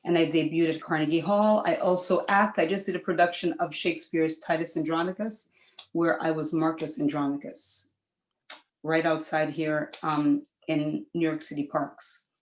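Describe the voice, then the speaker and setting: A woman from Dominica, a singer, chatting as a guest on a video call in a lively, quick way and laughing easily. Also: sits low, reverberant, poor audio. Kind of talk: casual video call chat.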